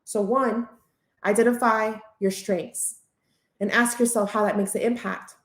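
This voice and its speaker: Woman, life coach, lively conversational teaching, fairly high pitch, roomy echo. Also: a little slow. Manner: lively, conversational, acts out inner voices. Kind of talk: group coaching masterclass.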